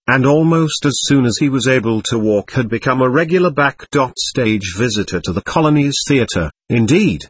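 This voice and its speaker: A man narrating an audiobook in a measured, expressive storytelling manner, recorded on a close mic. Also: medium pitch, slightly rough, no echo. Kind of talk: scripted narration.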